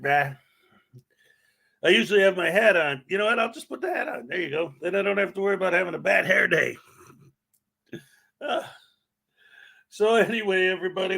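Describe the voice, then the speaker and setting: A man's voice: high voice, vocal fry, sharp tone. A man hosting a casual morning livestream, greeting viewers by name in an upbeat, joking way. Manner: upbeat, joking, reads viewer names aloud. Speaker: livestream host.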